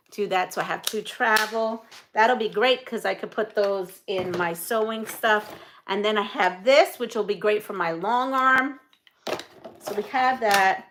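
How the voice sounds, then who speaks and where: A woman's voice: fairly high pitch, fairly bright tone, a little hiss or hum. A woman hosting a quilting channel, chatting casually and rambling as she shows off items, laughing often. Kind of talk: casual show-and-tell chat. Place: home sewing room.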